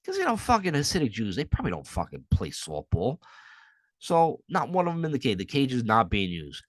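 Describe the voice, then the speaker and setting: A man's voice: mid-range voice, wildly swooping pitch, fairly quick, no room sound. A young adult man hosting a podcast solo, telling a rambling, profane story in a casual way. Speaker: podcast host.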